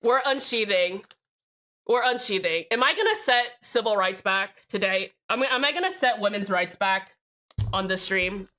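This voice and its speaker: A woman's voice: medium pitch, lively intonation, moderate pace, bright, forceful tone. A woman live streamer chatting casually with her chat, joking and swearing, with rambling restarts. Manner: profane, joking, reads out chat names.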